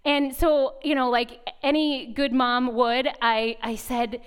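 Bright-voiced woman, thirties, retreat speaker; lively sermon storyteller who acts out the quotes. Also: fairly high pitch, takes it slowly, clean tone.

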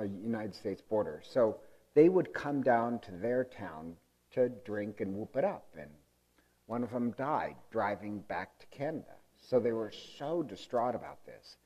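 Male pastor, relaxed conversational preacher, amused storyteller with frequent ums. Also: lowish voice. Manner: chatty and amused, with many ums and uhs.

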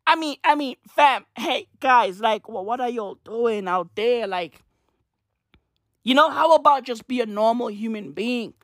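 A woman's voice: on the high side, lively intonation, measured pace, no echo, studio quality. A woman delivering a profane, ranting vlog monologue, piling on slang fillers and repeated curses. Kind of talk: profane rant to camera.

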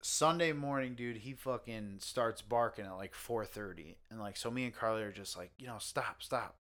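A man telling a story among friends in casual podcast chat, animated and swearing, getting loud at the tense parts. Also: on the low side, normal speed. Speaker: podcast co-host.

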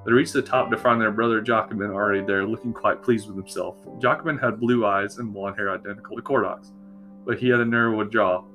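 A man reading a fantasy story aloud in a slow, measured storybook narration. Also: on the low side, steady tone. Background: soft guitar music.

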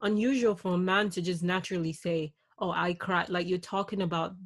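Candid woman co-host, lowish voice. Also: fairly even intonation, fairly quick. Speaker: podcast co-host. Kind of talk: casual podcast chat.

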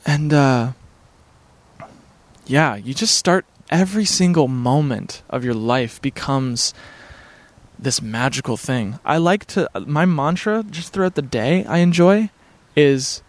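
A man's voice: fairly high pitch, slow, dry recording. A man in a casual vlog, talking to camera at home near his backyard, rambling in an earnest, laid-back, spiritual way with many fillers. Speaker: vlogger.

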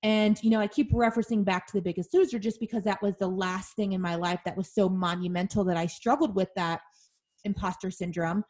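A woman's voice: medium pitch, fairly even intonation, brisk, darkish tone. A woman hosting a conversation, openly reflecting on her own experiences in a candid, storytelling way. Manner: open, self-reflective storytelling.

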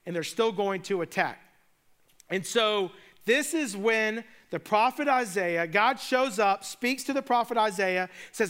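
A man's voice: sits high, lively intonation, measured pace, fairly bright tone, smooth. A man preaching a sermon, retelling scripture in a casual, joking way with conversational asides. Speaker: pastor.

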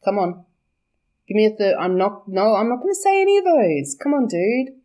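A young woman with a mellow, mid-range voice and lively intonation chats casually at a moderate pace about the characters in her book. She laughs often, swears, and corrects herself as she goes.

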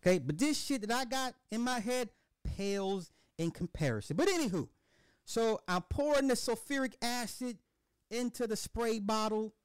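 Casual: crude podcast guy riffing a story, highish voice, very dry sound. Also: normal speed, clear, resonant tone, dry recording. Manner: profane, animated, repetitive storytelling. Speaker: podcast host. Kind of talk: dark comedic monologue.

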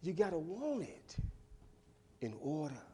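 A male preacher delivering a sermon in a church, swinging from hushed whispers to shouted lines and drawing call-and-response from the congregation. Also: on the high side, very animated, measured pace, husky. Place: church sanctuary.

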